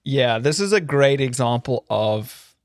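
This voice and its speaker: A man's voice: mid-range voice, expressive, a little slow, dry recording, clean studio sound. A man from South Africa co-hosting a podcast in a casual, joking chat with rambling asides. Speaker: podcast co-host.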